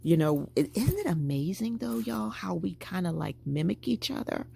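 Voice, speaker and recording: A woman's voice: on the low side, normal speed, gravelly, husky. A woman vlogger chatting casually to her viewers as she packs a handbag. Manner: chatty, animated, talking to viewers while packing a bag. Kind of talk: casual chat.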